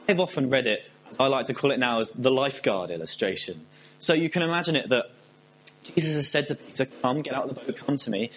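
A man's voice: mid-range voice, fairly bright tone. A man preaching a sermon in a conversational, humorous storytelling manner. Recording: slightly dull recording with faint hum.

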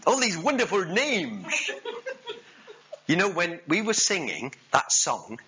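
A man preaching with lively, swooping intonation and an unhurried delivery. His voice is bright and husky as he tells a story and jokes with the congregation. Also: on the high side, a little hiss or hum, low-quality recording. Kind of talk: sermon.

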